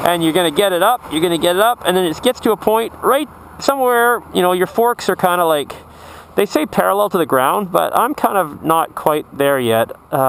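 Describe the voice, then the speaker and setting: Casual, high-voiced man rambling on a roadside motorcycle vlog, heavy wind behind him. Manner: rambling, self-deprecating, many fillers and restarts. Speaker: motorcycle vlogger. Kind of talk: casual riding chat. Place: outdoors on a road by his motorcycle. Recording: loud wind and road noise outdoors.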